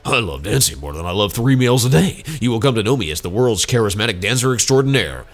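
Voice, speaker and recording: A vain, theatrical dancer from a video game who speaks grandly of himself, as a man puts him on. His voice is lowish but animated, rising and falling with flair. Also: fast, faint music behind. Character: flamboyant vain male dancer. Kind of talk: let's play voicing game dialogue.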